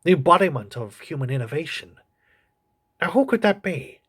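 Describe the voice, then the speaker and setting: A man voicing a crude, gossipy old male politician who reviews a TV show in a comedy sketch, with a husky voice. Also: on the high side, very animated, moderate pace, a bit bright, heavily acted. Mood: snarky.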